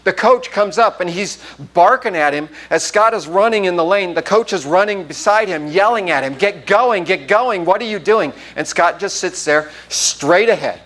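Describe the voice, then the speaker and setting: His voice sits high, and he moves at a moderate pace with hardly any pauses. The man is a pastor preaching in a church sanctuary, telling a personal story in lively fashion and acting out the conversation.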